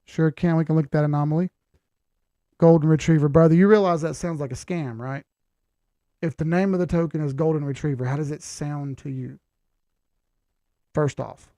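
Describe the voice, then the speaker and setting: A man with a slightly high, gravelly voice and a mellow, dark tone, hosting a casual livestream. He talks in a loose, laid-back way full of fillers and answers viewer chat. The sound is close and dry, with no room around it. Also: no echo. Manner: laid-back, chatty, many fillers, reads out chat questions.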